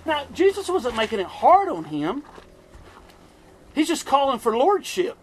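A middle-aged man from the US East Coast preaching a sermon, telling stories in an animated way and chuckling often. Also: very high voice, measured pace.

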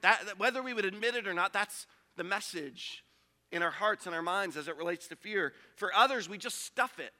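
Pastor, male, high and very bright voice, conversational storyteller, long hall reverb. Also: normal speed. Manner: storytelling, conversational with acted quotes. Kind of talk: sermon.

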